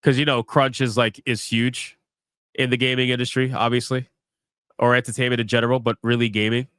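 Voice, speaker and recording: A man's voice: mid-range voice, flat delivery, a little fast, a bit bright, clear, resonant tone, no room sound, studio quality. A man reacting live on stream to a video, with crude, sarcastic and mocking commentary.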